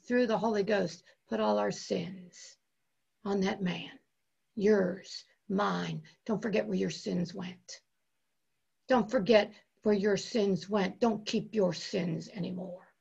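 A woman pastor preaching a sermon with impassioned, drawn-out emphasis and repeated phrases. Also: medium pitch, gravelly, husky, highs cut off.

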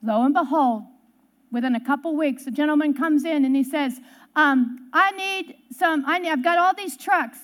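A woman's voice: high-pitched, normal speed. A middle-aged woman preaching, telling a personal story and acting out the quotes. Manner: animated storyteller, acts out quotes. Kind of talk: storytelling sermon.

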